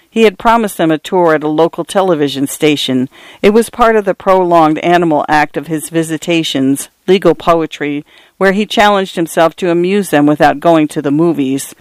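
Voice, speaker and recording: A man reads literary fiction aloud with a measured, wry touch. His voice sits a little high for a man. The sound is close and dry, with no room around it. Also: dry recording. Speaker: audiobook narrator.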